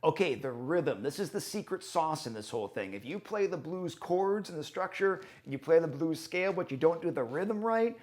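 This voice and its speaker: A man's voice: fairly high pitch, expressive, moderate pace, hardly any pauses, a little mellow. A man teaching a guitar lesson, explaining in a friendly way and counting and singing rhythms aloud. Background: guitar playing.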